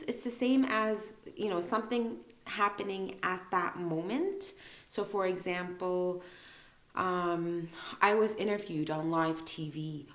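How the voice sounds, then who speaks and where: Woman, young adult, English teacher, slow careful explanation, drawn-out example words, echoey room. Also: medium pitch. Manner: patient, stretches out example words for emphasis.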